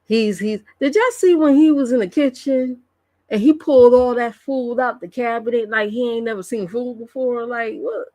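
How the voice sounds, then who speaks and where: A woman's voice: a little high, fairly even intonation, dark tone, dry recording. A woman streamer chatting casually on a live stream, gossiping and laughing often as she reacts to online drama. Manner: gossipy, laughs often, drawn-out slangy commentary.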